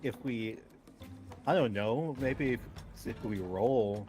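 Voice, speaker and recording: A man's voice: medium pitch, slow pace, a little mellow, soft background music. A man playing a tabletop game, speaking hesitantly with laughs. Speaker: player.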